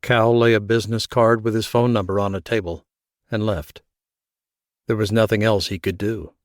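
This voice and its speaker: A man's voice: fairly low pitch, fairly even intonation, normal speed, no room sound, studio quality. A man narrating a thriller audiobook, voicing the characters' lines as he reads. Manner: reads the story, giving characters voices. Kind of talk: scripted narration.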